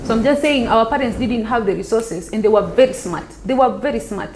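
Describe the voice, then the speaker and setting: Emphatic fast Kenyan woman guest. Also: on the high side, a little mellow, slight background noise. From Nairobi, Kenya. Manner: emphatic, repeats her points. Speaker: talk show guest. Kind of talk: casual chat mixing Swahili and English.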